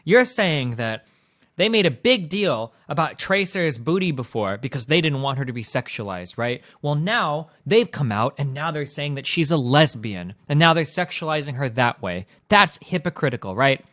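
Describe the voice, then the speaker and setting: A man's voice: fairly high pitch, big pitch swings, normal speed, few pauses, fairly bright tone, no echo, studio quality. A man streaming, ranting at his chat in a profane, combative and sarcastic way. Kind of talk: ranting reaction commentary.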